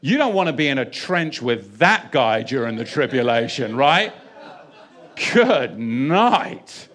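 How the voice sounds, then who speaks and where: A man preaching a sermon, mixing loud emphatic bursts with quieter scripture reading, full of rhetorical questions and repeated phrases. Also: mid-range voice, expressive, moderate pace.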